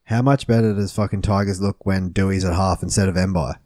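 A man's voice: deep voice, fairly even intonation, fairly quick, warm tone, dry recording, clean studio sound. A man co-hosting a sports podcast, blunt and laddish, swearing as he makes his points. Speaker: podcast co-host. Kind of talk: casual sports banter.

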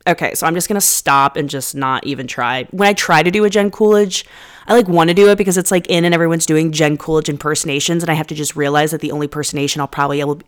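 A woman's voice: sits low, quick pace, clean tone. A woman in her thirties hosting a casual solo podcast from her apartment, chatty and rambling, with self-deprecating asides and casual swearing. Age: 30s. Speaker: podcast host. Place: apartment room. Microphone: podcast microphone.

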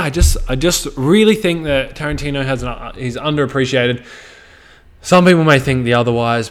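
A young Australian vlogger talks straight to camera in a loose, rambling monologue, swearing freely and often trailing off mid-thought. His voice is medium-pitched and a bit bright.

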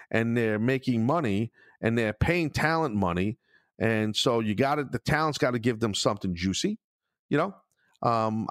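A man's voice: medium pitch, no echo, clean studio sound. Blunt, profane middle-aged man host. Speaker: podcast host. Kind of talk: casual podcast chat.

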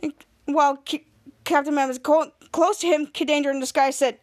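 Female podcast host with a high voice, chatty scene-by-scene TV recap. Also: fairly even intonation, fairly quick. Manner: retells scenes line by line, quoting the characters. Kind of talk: casual TV episode recap.

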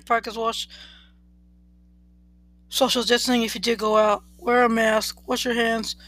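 A woman's voice: a little high, a bit bright, dry recording, rough recording. A woman reading a serial romance story aloud, plainly, with small slips and restarts. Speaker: podcast storyteller.

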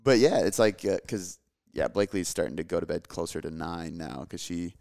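A man's voice: low-pitched, gravelly, a little mellow. A man in his thirties, chatting casually on a podcast and swearing freely. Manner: fast, loose, swears a lot, says dude. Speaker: podcast co-host, father. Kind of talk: casual chat.

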